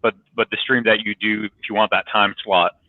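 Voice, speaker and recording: A man's voice: on the low side, little pitch movement, a little fast. A man in a casual livestream chat, talking loose and profane, hyping plans. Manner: loose, profane, hype talk. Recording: tinny phone-like call audio.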